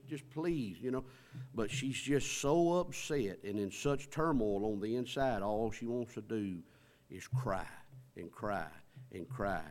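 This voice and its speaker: A man's voice: medium pitch, a little mellow. Male pastor, middle-aged, folksy conversational sermon delivery. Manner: folksy, conversational preaching with rising emphasis.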